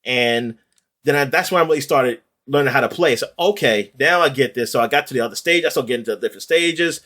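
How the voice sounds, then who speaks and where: A medium-pitched man talks fast while co-hosting a podcast. His casual retellings are rambling and animated, loaded with fillers and sprinkled with the odd curse word.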